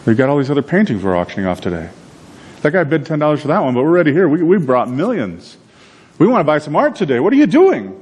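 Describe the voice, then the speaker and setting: A preacher putting on shrill indignant art buyers. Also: male voice, big pitch swings, quick pace, darkish tone, breathy edge, in a large hall. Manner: high, exclaiming, protesting. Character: indignant rich male art buyers demanding famous paintings.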